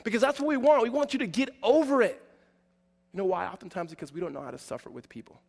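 A man in his forties preaching a sermon in a conversational way, with many fillers and restarts, moving between loud emphasis and quiet asides. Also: high-pitched, expressive, fast, vocal fry, in a large hall. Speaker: pastor.

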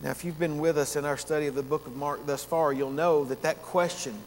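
High-voiced preacher man in a reverberant hall. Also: steady tone, slight background noise. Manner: earnest preaching, slowing down to stress key words. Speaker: pastor. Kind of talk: expository sermon.

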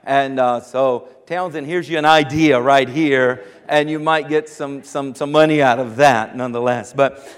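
A man's voice: mid-range voice, fairly even intonation, normal speed, few pauses, clean tone, long reverb tail. A man preaching a sermon as pastor, telling stories with humor and chuckling often. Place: church sanctuary.

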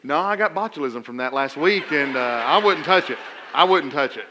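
A middle-aged man preaching a sermon, telling funny stories and swinging between loud emphasis and quiet asides. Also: on the high side, expressive, moderate pace, a little hiss or hum. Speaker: pastor.

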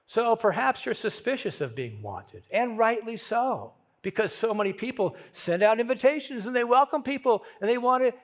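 Animated preacher with dramatic swings. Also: male voice, on the high side. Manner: dramatic swings from hushed to emphatic; repeats words when thinking aloud. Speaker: pastor. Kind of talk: sermon.

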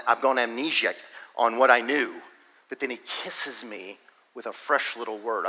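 A man's voice: mid-range voice, pushed and bright. A man preaching a sermon as pastor, earnest and confiding, drawing out words for emphasis. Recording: long hall reverb.

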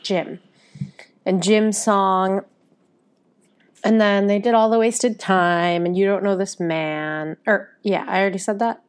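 A woman co-hosting a relaxed theatre podcast, her voice sitting at an ordinary middle pitch. She talks in a chatty, meandering way, full of fillers. She often breaks into little acted-out quotes. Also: takes it slowly, smooth. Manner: chatty, many fillers, animated quoting. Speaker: podcast co-host. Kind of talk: casual chat about musical theatre.

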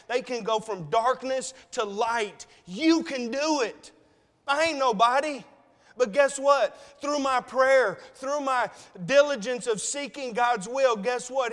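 In an emotional, conversational sermon, a male preacher with a high, slightly bright voice tells a personal story and repeatedly calls the congregation brethren. A long reverb makes it sound like a large sanctuary.

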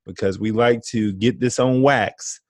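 A man's voice: on the low side, steady tone, measured pace, no room sound, studio quality. A man co-hosting a podcast, talking in a laid-back, slangy way and laughing often. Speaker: podcast co-host. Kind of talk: casual chat.

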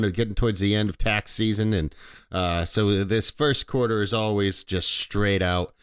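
A man hosting a financial radio show, slightly stuffy, explaining retirement investing in a relaxed way with fillers and small self-corrections. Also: fairly low pitch, moderate pace, clear, resonant tone. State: a little stuffy. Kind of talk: conversational radio talk.

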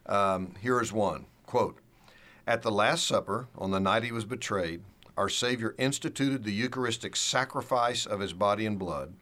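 A man in a theological discussion, explaining doctrine in a measured way and slowing down to stress key words. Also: fairly low pitch, sharp tone. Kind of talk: theological discussion, reading quotes.

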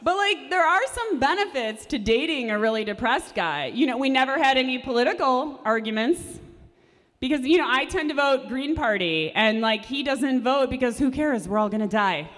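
A young woman with a fairly high, very lively voice works through a stand-up comedy set in a dry, sardonic way. Her voice rings with a long reverb from the live room she performs in. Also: moderate pace. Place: performance space at a live show.

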